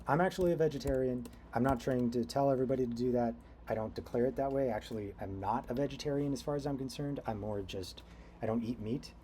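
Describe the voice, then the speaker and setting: An American man instructs a training seminar, speaking loosely and digressively with lots of fillers and restarts. His medium-pitched voice has a dark tone, with slight background noise.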